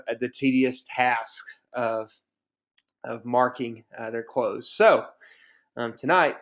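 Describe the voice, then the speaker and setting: A man in his thirties, a camp staff director hosting a parent webinar, telling stories in an upbeat, chatty way. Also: medium pitch. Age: 30s. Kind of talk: presenting a webinar with personal stories. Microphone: computer mic on a webinar. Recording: dull lo-fi webinar audio.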